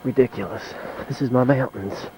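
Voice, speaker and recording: A man casually narrating his home video on a handheld camcorder as he walks outdoors through deep mountain snow. He talks in a chatty, wry way and curses mildly. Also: moderate pace, noisy background. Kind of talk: casual narration while filming.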